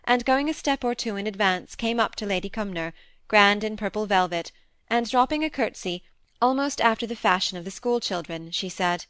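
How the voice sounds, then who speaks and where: A woman reading a classic novel aloud in a measured, expressive narration, recorded close to the mic. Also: mid-range voice, clean tone, dry recording. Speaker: audiobook narrator. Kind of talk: scripted narration.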